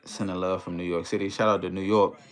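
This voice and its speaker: A man hosting a casual livestream in a relaxed, easygoing way, reading viewer comments aloud and greeting them. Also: sits low, quick pace, faint music behind. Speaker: livestream host.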